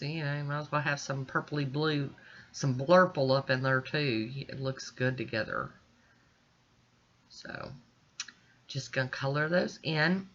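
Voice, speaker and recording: A woman's voice: low-pitched, pushed and bright, highs cut off. A woman with stuffy, congested sinuses, chatting reassuringly to viewers as she walks through a nail art tutorial at home. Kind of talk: casual step-by-step tutorial narration.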